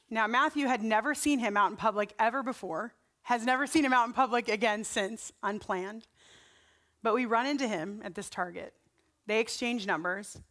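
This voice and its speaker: A woman pastor preaching a sermon, telling personal stories in a conversational, earnest way before leading a prayer. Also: medium pitch. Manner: conversational storytelling, earnest and animated.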